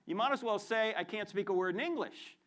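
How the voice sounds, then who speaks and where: A man giving a lively apologetics lecture to a student audience in a university hall, joking and quizzing the crowd with questions. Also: high voice, a little fast. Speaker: Christian apologist speaker.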